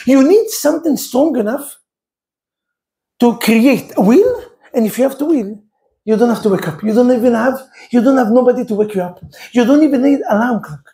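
An Israeli-accented man gives a sermon with a storyteller's flair, acting out the voices of the people he talks about. His voice is soft and dark, and his English is broken and lively. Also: very high voice, brisk. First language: Hebrew. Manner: animated, acts out dialogue, broken English. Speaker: rabbi.

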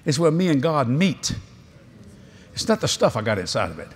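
A man's voice: medium pitch, sing-song, moderate pace, breathy edge. A male preacher delivering a convention sermon, telling stories animatedly with laughs and asides.

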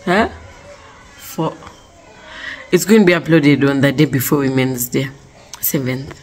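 A young woman from Uganda talking casually to her phone camera in a vlog, chatty and often sliding into soft half-whispered asides. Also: rumbling low, unhurried, rough recording. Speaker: vlogger.

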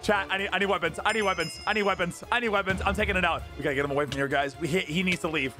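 A young man streaming a modded game and talking to his chat, frantic, repeating himself and often shouting. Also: high voice, fairly even intonation, racing, hardly any pauses. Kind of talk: excited gameplay commentary. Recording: music playing clearly under the voice.

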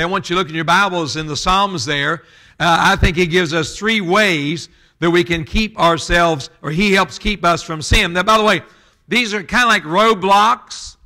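A male pastor delivers a sermon in a folksy, conversational way, turning aside to talk straight to his congregation. His voice sits high and rings bright and forceful, with a tense edge.

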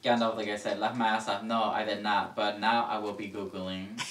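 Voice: mid-range voice, little pitch movement, moderate pace, a bit bright, distant mic. An off-camera helper reading viewer chat comments aloud in a plain, matter-of-fact way. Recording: roomy, off-mic from across the room.

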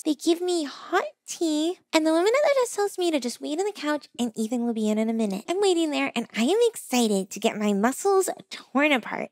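A young adult woman telling a funny personal story in a casual, animated, self-deprecating way, acting out what people said. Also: sits high, no echo, clean studio sound. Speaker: vtuber storyteller.

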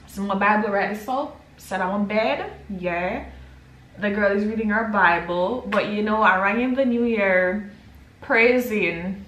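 A woman's voice: medium pitch, fairly bright tone. A young Jamaican woman chatting casually to her vlog audience at home, switching between patois and English. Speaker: vlogger. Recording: roomy echo.

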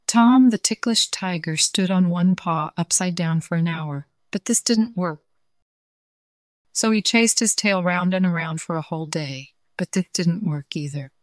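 A woman storyteller reading a children's story aloud in a gentle, clear way. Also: low voice, no room sound, studio quality.

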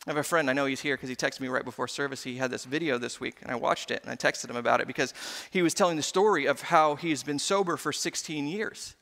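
Pastor guy preaching in a church, bright voice, acts out the people he quotes. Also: medium pitch, quick pace, creaky. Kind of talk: sermon. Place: church sanctuary. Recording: long hall reverb.

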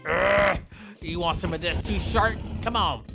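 A man giving loud, goofy commentary while he plays a video game, taunting and yelling at in-game animals. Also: sits high, a little slow, gravelly, music in the background. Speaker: gameplay commentator.

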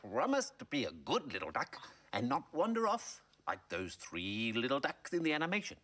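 A man's voice: medium pitch, wildly swooping pitch, moderate pace, sharp tone, pitched above the performer's own voice, heavily acted. A man playing a quacking little toy duck. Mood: cheerful. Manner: quacking, sweet and earnest. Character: small cheerful toy duck.

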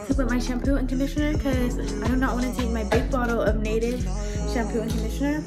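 A woman's voice: fairly high pitch, fairly even intonation, fast. A young woman vlogging in a casual, chatty way, rambling with lots of "like" and "um", her nose stuffy and congested. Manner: chatty, gushing, rambling with many likes and ums. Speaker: lifestyle vlogger. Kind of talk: casual chat. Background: loud music.

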